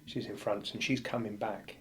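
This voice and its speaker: A man's voice: fairly low pitch, little pitch movement, moderate pace, slight background noise. A male firefighter, a podcast guest, telling a painful personal story bluntly and vividly, acting out what people said. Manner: blunt, vivid retelling that acts out the dialogue.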